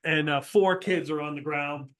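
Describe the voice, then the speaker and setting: A man narrating as game master of a tabletop role-playing game, in loose, halting speech full of fillers and restarts. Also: fairly high pitch, steady tone, a bit bright.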